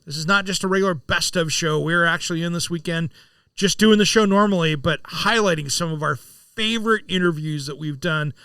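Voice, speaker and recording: An upbeat man hosts a radio show with a bright, fairly high voice. He sits a little back from the mic in a dry studio and talks in a chatty way. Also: smooth, dry recording, distant mic. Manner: upbeat, chatty, quick to laugh. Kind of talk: casual radio talk.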